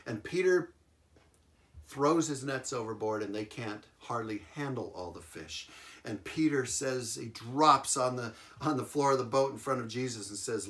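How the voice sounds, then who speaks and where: A man's voice: medium pitch, a little slow. Chuckling male preacher telling a Bible story. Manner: animated storytelling with chuckles and emphatic repetition. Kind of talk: sermon retelling a Bible story.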